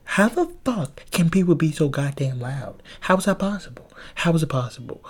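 A man's voice: on the high side, a little fast, few pauses, husky. Rambling, crude young man on a podcast. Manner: crude, animated, rambling and self-deprecating. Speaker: podcast host. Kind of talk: solo podcast rant. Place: home with a loud family nearby.

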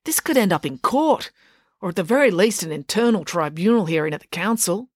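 A woman voicing a stern, steady male police constable who speaks firmly and with authority, read as an audiobook character voice. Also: mid-range voice, fairly quick, no room sound, clean studio sound, natural voice. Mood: grim. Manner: firm and authoritative.

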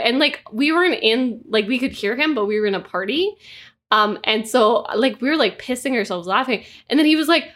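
A woman co-hosting a podcast, telling stories in an animated way and swearing freely. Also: on the high side, brisk. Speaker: podcast co-host. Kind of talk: casual chat.

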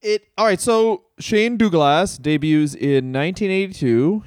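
A man's voice: sits high, measured pace, darkish tone, clear, resonant tone, no room sound, clean studio sound. A man co-hosting a comedy podcast, laughing and telling stories in crude banter. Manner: laughing, storytelling. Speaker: podcast co-host.

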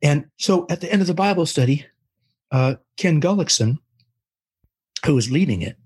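An older man who is a guest on an interview, telling a story with animated, acted-out quotes. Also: on the high side, normal speed, husky.

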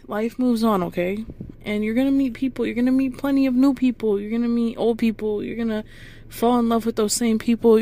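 Goofy, encouraging woman with a mellow voice. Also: fairly high pitch. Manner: goofy, rambling, hypes listeners up; affectionate, encouraging. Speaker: podcast host. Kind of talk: casual motivational monologue.

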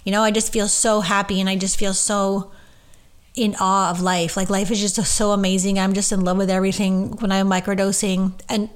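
A woman's voice: mid-range voice, level tone, moderate pace, smooth. A woman who works as a medium, hosting a casual solo podcast and talking in a gushing, rambling way full of fillers.

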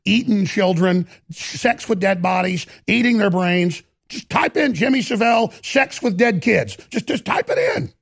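A man's voice: high-pitched, no room sound, studio quality. A man hosting a talk show, delivering an impassioned, emphatic monologue and often stammering and repeating words. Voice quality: gravelly, raspy.

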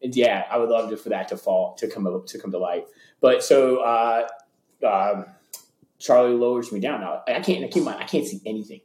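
A man telling road stories as an interview guest in a loose, excitable way, full of fillers and restarts. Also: mid-range voice, echoey room. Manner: animated, fast, lots of fillers and restarts, acts out voices. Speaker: interview guest, former tour hypeman. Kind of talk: casual storytelling.

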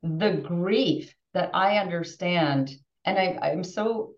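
Animated woman in her fifties, echoey and distant. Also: on the low side, slow pace. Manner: animated, emotional, frequent restarts. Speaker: podcast guest. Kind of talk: casual podcast conversation. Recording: distant roomy muffled remote audio.

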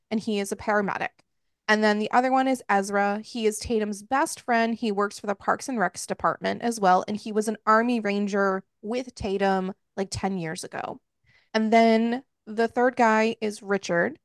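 A woman hosting a book club podcast, recapping a story in casual chat with lively, profane quoted dialogue. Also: on the high side, no room sound, clean studio sound.

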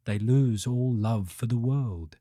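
A man voicing a slow, soothing ancient spirit. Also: mid-range voice, dark tone, dry recording, clean studio sound.

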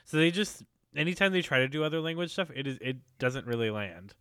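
A man's voice: fairly high pitch, animated, quick pace, pushed and bright, smooth, no room sound. A man co-hosting a podcast, chatting casually and dramatically. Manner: dramatic, acts out quotes. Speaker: podcast co-host.

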